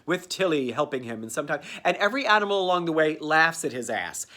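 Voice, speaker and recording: A man giving a campy, sarcastic comedic recap of a cartoon, dropping into quick character voices. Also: on the high side, sing-song, sharp tone. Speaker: comedic reviewer.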